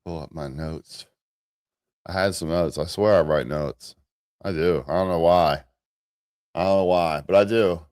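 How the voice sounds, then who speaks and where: Live-show host, American man, very low voice, loose rambling delivery, dry close sound. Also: measured pace, pauses often, a little mellow, smooth, no echo. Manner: rambling, restarts, chuckles at himself. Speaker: host of a live morning commentary stream. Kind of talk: casual rambling commentary.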